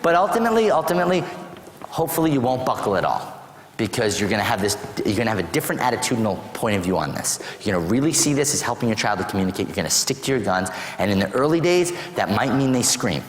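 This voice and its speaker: Male seminar presenter, lively storyteller voice, echoing hall with a long tail. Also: fairly low pitch, fast, a little hiss or hum. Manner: animated storyteller acting out parent dialogues. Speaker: autism program presenter. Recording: echoey hall with long reverb.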